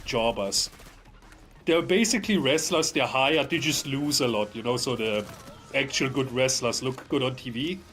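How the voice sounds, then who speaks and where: A man's voice: mid-range voice, normal speed, a bit bright, a little hiss or hum. A man chatting casually on a podcast, rambling through a long story with plenty of fillers, stammers and swearing. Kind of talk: casual chat.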